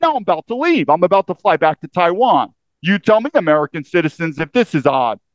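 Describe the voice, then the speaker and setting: A military veteran man recounts his experience with urgent, emphatic delivery, often cutting himself off and starting again. His voice sits high for a man. The recording is dry and slightly dull, close with no room sound. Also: sing-song, a little fast, no echo. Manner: intense, emphatic, self-interrupting. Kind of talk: first-person storytelling.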